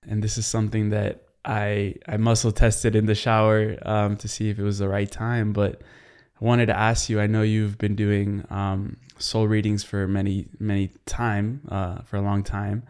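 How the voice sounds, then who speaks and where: A young man hosting an interview, asking measured questions with some hesitation. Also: on the low side, monotone, darkish tone, clear, resonant tone. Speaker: podcast host.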